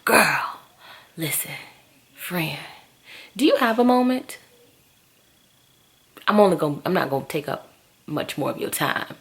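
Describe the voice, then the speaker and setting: A woman, telling stories to camera in a lively, gossipy way and calling her viewers "girl". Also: on the low side, measured pace, long pauses. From Southern US. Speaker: vlogger. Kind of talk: casual chatty storytelling to camera.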